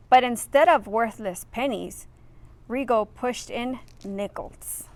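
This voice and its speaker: A woman's voice: medium pitch, a little slow. A woman reading a children's picture book aloud expressively, adding friendly asides for her listeners. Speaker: reader.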